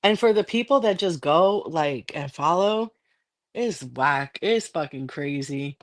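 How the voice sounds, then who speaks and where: A woman's voice: deep voice, animated, a little slow. A livestreaming woman in a heated, profane, confrontational rant aimed at a rival.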